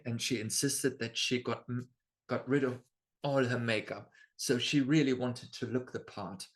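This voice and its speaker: A man with German as his first language presents a talk over slides in a chatty, unhurried way. He takes his time, speaks at an ordinary middle pitch, and keeps checking in with the listener through tag questions and small fillers. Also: fairly bright tone. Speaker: astrology lecturer.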